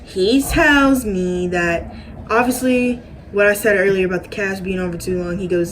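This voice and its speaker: A woman's voice: mid-range voice, normal speed, slight background noise, poor audio. Chatty woman telling a dramatic story. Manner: chatty and dramatic, addresses viewers as y'all. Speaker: vlogger. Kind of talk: casual story time.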